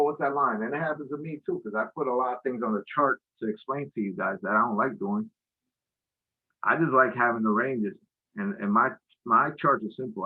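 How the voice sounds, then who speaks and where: A man's voice: medium pitch, breathy edge, narrow, tinny audio. A man giving a casual market recap while walking through charts, talking in a loose, rambling way with lots of fillers and slang. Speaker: futures trading presenter.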